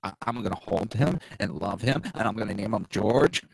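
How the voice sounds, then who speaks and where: A man's voice: fairly low pitch, animated, a little fast, gravelly, husky, no echo, rough recording. A middle-aged man hosting a political talk show, blunt and profane, with mocking asides.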